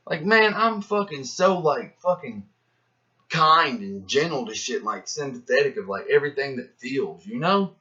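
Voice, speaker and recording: A man talking in a rambling, profane, slangy monologue about life and philosophy, getting animated as he acts out his own inner voices. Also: mid-range voice, moderate pace. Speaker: rapper musing to camera. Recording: dull lo-fi sound.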